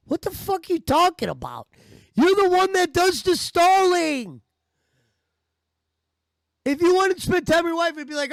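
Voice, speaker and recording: A man's voice: extremely high pitch, very animated, a little slow, gravelly, long pauses, no echo, clean studio sound. A man giving heated, profane, mocking commentary over stream clips. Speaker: commentary host.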